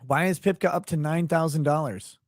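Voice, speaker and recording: Guy rambling on his live stream, kinda high voice, wry little asides, dry close mic. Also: brisk, no room sound. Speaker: livestream host and lawyer. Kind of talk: casual livestream chat.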